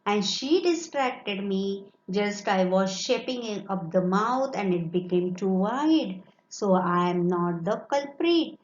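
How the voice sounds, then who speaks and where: A woman reading aloud as a village potter, defending himself with halting explanations. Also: mid-range voice, animated. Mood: defensive. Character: village potter blaming someone else. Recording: roomy, dull classroom recording.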